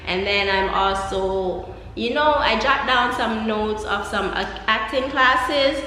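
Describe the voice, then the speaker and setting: A woman's voice: fairly high pitch, slow pace, sharp tone, slight background noise. A young woman with a Jamaican accent chatting casually as a vlogger, laughing often and rambling through asides. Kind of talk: casual chat. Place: empty apartment. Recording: echoey empty room.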